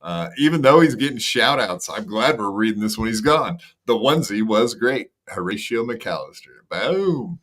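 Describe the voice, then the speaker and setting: Bright low-voiced male podcast host. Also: animated, normal speed, hardly any pauses. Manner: teasing, swears freely. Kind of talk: casual podcast banter.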